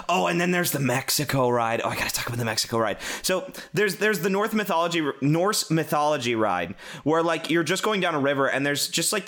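A man chatting casually and rambling through stories, swearing and laughing as he goes. His voice sits high and rings bright and forward. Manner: rambling, excitable storytelling with frequent swearing and laughter. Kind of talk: casual chat.

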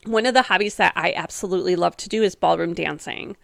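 A woman's voice: lowish voice, fast, creaky, a bit bright, no room sound, studio quality. A woman hosting a solo wellness podcast, talking in an upbeat, encouraging, chatty way with casual fillers. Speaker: podcast host and wellness coach.

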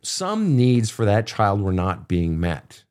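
A man's voice: fairly low pitch, sing-song, slow, a little mellow, clean tone. Blunt, probing male counselor. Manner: blunt, probing, swears freely, repeats questions. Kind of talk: counseling session.

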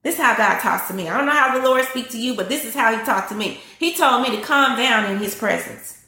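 A woman's voice: fairly high pitch, a little fast, bright, forceful tone, roomy sound. A woman preacher teaching a sermon, fervent and repetitive, quoting scripture on a live stream. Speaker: prophetess and teacher.

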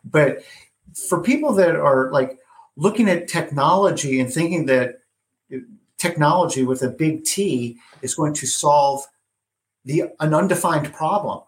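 Male interview host, slightly raised pitch, builds questions as he talks. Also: lively intonation, unhurried. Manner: thinks aloud, builds long questions with restarts. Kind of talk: conversational interview.

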